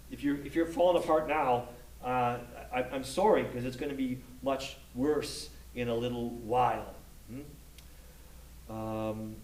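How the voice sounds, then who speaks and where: A man's voice: a little high, distant mic. A man giving a scripture lecture to a class. He speaks unhurriedly, often restarting his sentences and checking in with "okay?" between points. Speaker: Bible study instructor. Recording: echoey room, voice from afar.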